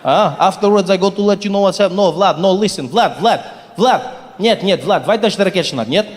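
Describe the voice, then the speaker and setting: A man's voice: high-pitched, natural voice. A man doing a shady Russian phone caller. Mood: scheming. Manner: rapid, rambling phone talk. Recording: stage hall with live audience.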